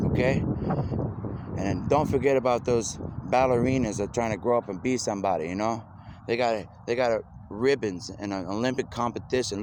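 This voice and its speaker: A man rambling excitedly in an outdoor monologue, repeating himself as he goes. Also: fairly low pitch. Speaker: video blogger. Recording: noisy outdoor recording.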